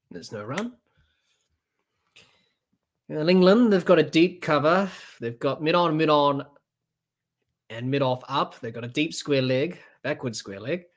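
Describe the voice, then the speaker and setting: With a slightly high, fairly bright voice, a man gives live cricket commentary on his podcast, improvising the play-by-play and peppering it with fillers and restarts.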